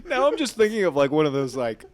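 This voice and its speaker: A man's voice: fairly high pitch, huge pitch swings, quick pace. A man, a stand-up comedian, chatting as a guest on a podcast. He laughs often and riffs on jokes. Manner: laughing often, riffing with put-on voices. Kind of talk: casual comedic chat.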